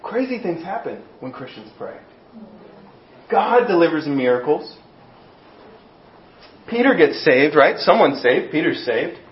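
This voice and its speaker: Animated male preacher in an echoey room. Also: on the high side, unhurried, long pauses. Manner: animated storytelling, acting out voices. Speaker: pastor. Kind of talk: sermon. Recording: echoey room, dull sound.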